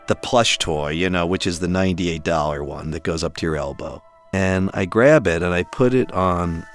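A middle-aged man tells a family story, his voice sitting very low. He acts out what people said as he goes. Soft music plays faintly behind him. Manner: animated, acts out quotes in other voices. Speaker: father telling a family story. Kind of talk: storytelling in conversation.

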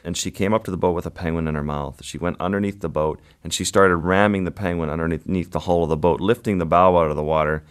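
A man, a wildlife photographer, being interviewed and telling a vivid, unhurried story about his work. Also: low voice, steady tone, smooth.

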